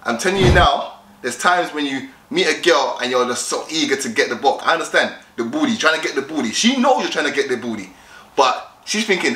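A man talks straight at the viewer, giving dating advice in a casual vlog. His voice is bright and sits somewhat high, and he keeps hammering the same points home. The room around him is echoey. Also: animated, fairly quick. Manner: direct, repetitive, acts out both sides of chats. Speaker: vlogger giving dating tips.

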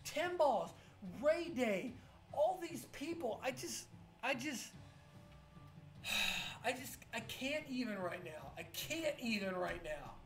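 A woman streamer, drunk and close to tears, talks in a halting, rambling, profane way with many restarts. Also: on the high side, big pitch swings. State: tearful. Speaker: pinball streamer. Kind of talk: emotional live-stream monologue. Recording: echoey room with faint music. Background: faint music.

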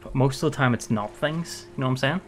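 A man's voice: medium pitch, quick pace, soft background music. A man streaming a survival game, reacting jumpily with exclamations and swearing while talking to his chat. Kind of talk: live game commentary.

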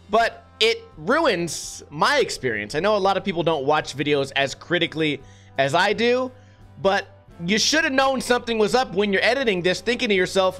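A man with a fairly high voice talks through clips in casual commentary, blunt and sarcastic, now and then swearing. Soft music plays faintly behind him. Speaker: skate video reviewer host.

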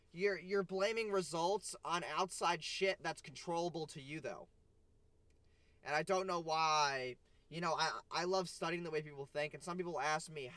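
Blunt, scolding man with a higher voice. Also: fairly bright tone, dry recording. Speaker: vlogger. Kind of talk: motivational rant to camera.

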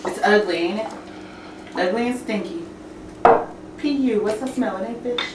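A woman's voice: medium pitch, moderate pace, very noisy. Playful woman joking in an echoey kitchen. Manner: playful, laughing, drawling asides. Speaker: cooking show co-host. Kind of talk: casual kitchen banter. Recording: echoey kitchen, mic far off. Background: clattering dishes and pans.

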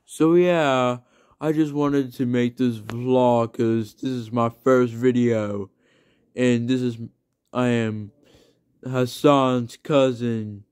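A man's voice: medium pitch, steady tone, slow, darkish tone, clear, resonant tone. A young man making a silly, rambling home vlog in his bedroom, repeating words as he goes.

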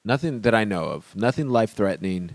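A man's voice: on the low side, lively intonation, fairly quick, dry recording. A man guesting on a podcast, chatting casually, joking and laughing often. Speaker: musician guest.

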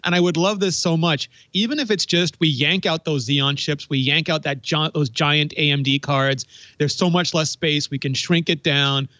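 A man's voice: fairly high pitch, steady tone, moderate pace, sharp tone, no echo, lo-fi sound. A man commenting on a tech panel, enthusiastic and rambling, often correcting himself mid-sentence. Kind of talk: casual tech panel chat.

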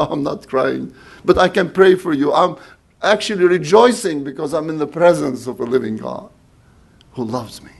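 A man's voice: fairly high pitch, a little mellow. Earnest preacher man. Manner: earnest, conversational preaching with many restarts. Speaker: pastor. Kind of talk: sermon.

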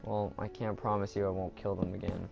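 A man's voice: deep voice, level tone, a little fast, vocal fry. Self-mocking man narrating his gameplay. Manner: self-mocking, groaning at his own mistakes; talks to viewers while playing. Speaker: gaming video host. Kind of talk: casual gameplay commentary. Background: background music.

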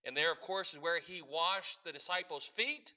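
Pastor guy preaching, high bright voice, leads the church in call and response. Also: normal speed. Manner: leads the congregation in call-and-response, reads scripture aloud. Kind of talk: sermon.

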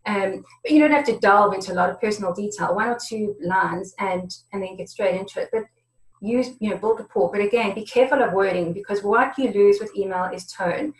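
Woman, mid-range voice, webinar trainer, halting restarts, roomy echo. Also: mid-range voice. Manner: halting, restarts and repeats words often. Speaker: negotiation trainer presenting a webinar. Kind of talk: conversational presentation. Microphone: video conference setup.

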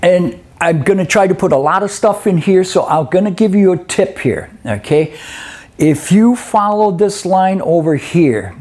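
A middle-aged man teaches a live webinar on truck inspections in a folksy, conversational way. His voice sits a little high for a man, yet its tone is mellow. He keeps checking in with his listeners with "okay?" and "eh?". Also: lively intonation, measured pace. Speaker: instructor.

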